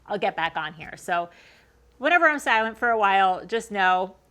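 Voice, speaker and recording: A woman with a Long Island accent, chatting casually to camera as host of her woodworking channel, quick to laugh and full of "like" fillers. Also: medium pitch, animated, sharp tone. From Long Island, New York. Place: detached garage workshop.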